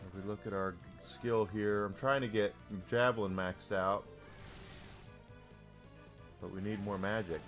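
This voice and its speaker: A man's voice: fairly low pitch, fairly even intonation, unhurried, long pauses, a bit bright, faint music behind. A man live-streaming a retro game, chatting casually with viewers in a rambling, talkative way. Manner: rambling, restarts, heated about sports.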